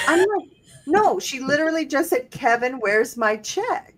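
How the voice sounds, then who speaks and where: A woman's voice: high-pitched, measured pace. A middle-aged woman co-hosting a casual spiritual podcast, telling stories and acting out quoted voices with animation. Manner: storytelling, animated when quoting others. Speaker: podcast co-host. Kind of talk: casual conversation.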